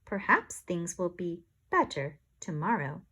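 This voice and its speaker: A woman voicing a polite, eager talking toilet seat that speaks slowly and evenly in a storybook. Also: lowish voice, very animated, pushed and bright, voice pushed down, heavily acted. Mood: earnest.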